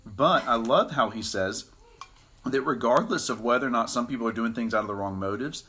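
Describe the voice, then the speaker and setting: A man's voice: medium pitch, fairly quick, sharp tone, breathy edge. A man co-hosting a live Bible study, talking in a playful, goofy, rambling way. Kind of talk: casual joking Bible talk.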